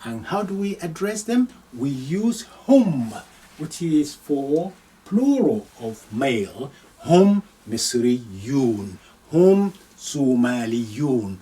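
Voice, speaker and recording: This time the Arabic teacher's medium-pitched voice has a dark tone. Captured from a distance, the recorded lesson has him reading sample lines slowly for pronunciation, patiently repeating each phrase and translating it.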